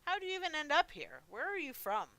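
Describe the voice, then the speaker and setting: A woman's voice: high voice, wildly swooping pitch, quick pace, sharp tone, no room sound, pitched above the performer's own voice, heavily acted. A woman playing a nervous, polite young male hero in a horror game. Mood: timid. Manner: timid, polite.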